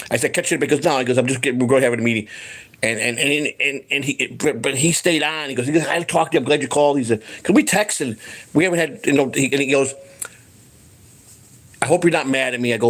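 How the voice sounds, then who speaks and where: Fast-talking, rambling, profane man. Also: medium pitch. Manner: acts out quoted people in his voice. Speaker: host. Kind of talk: casual livestream chat.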